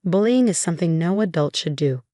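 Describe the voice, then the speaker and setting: Grave, apologetic father-in-law, voiced by a woman reader; low-pitched, dry. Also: lively intonation, brisk, warm tone, no echo, close to an everyday voice.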